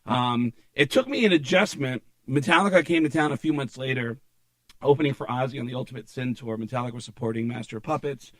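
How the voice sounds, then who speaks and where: A man's voice: medium pitch, fast talker, fairly bright tone, dry recording. A man in his forties from Arizona, telling rambling stories as a guest on a casual podcast. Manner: rambling storyteller, lots of fillers. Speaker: comedian guest.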